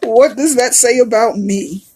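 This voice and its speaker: A woman's voice: on the high side, measured pace, mellow, breathy edge. A woman hosting a casual solo podcast, chatty and laughing often, swearing freely as she talks. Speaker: podcast host.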